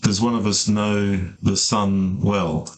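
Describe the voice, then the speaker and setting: A man's voice: lowish voice, little pitch movement, slow, noisy background. Man thinking aloud in a game. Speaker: player. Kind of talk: casual role-play chat.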